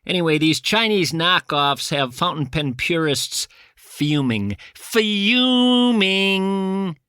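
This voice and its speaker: A man's voice: a little high, a little slow, bright, forceful tone, no room sound, clean studio sound. A man hosting a comedy podcast, delivering a wry, sarcastic, theatrical monologue. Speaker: podcast host.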